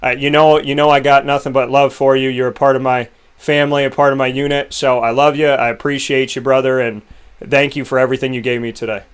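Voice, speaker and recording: A young man hosting a casual interview, telling stories in an animated, emotional way. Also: mid-range voice, fast, smooth. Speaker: podcast host.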